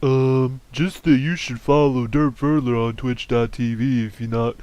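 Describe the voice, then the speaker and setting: A man voicing a deadpan male dragon foe in a flat, unhurried manner. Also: mid-range voice, clean tone, no room sound, close to an everyday voice.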